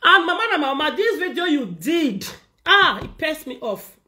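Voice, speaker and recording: Nigerian woman vlogger, sharp bright voice, animated and scolding, Pidgin accent. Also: high-pitched, normal speed. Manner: scolding, animated, acts out others' words. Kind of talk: ranting monologue to camera.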